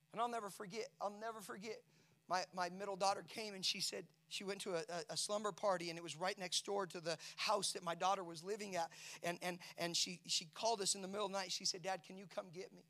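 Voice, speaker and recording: A middle-aged male pastor telling an emotional story in a sermon, dropping to hushed tones and rising to shouts. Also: high-pitched.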